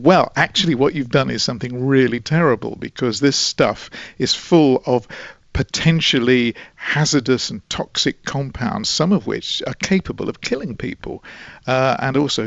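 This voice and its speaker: A man tells a long story as an interview guest, measured and wry with a dry humour. His voice is gravelly with some fry. The recording is dull and lo-fi, with a dry sound and no room echo. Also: medium pitch, fairly bright tone.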